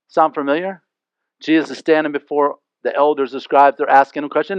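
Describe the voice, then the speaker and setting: A man's voice: a little high, fairly even intonation, moderate pace, long pauses, clear, resonant tone, dry recording, low-quality recording. A man preaching a sermon in a conversational way, full of asides and rhetorical questions. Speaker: pastor.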